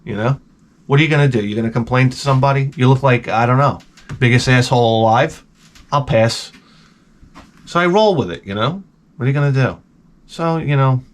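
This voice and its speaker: A man in his forties telling stories in a rambling, profane, wry vlog monologue. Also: medium pitch. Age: 40s. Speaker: vlogger. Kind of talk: casual storytelling monologue.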